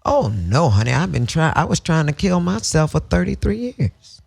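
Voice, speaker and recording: A woman's voice: low-pitched, sing-song, normal speed, vocal fry, breathy edge. A woman guest in a radio studio interview, telling stories candidly in a theatrical, profane way and breaking into sung phrases.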